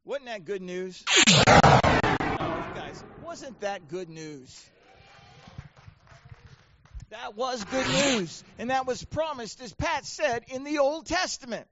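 A woman's voice: fairly high pitch, animated, slow pace, muffled recording, very noisy. A woman following up a sermon, earnest and exclaiming to the congregation. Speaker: co-host following the preacher.

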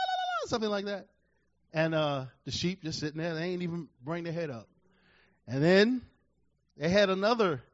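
A male preacher with a notably high voice delivers a sermon, swinging from loud emphatic declarations to hushed, drawn-out words. The recording sounds muffled and lo-fi. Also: no echo.

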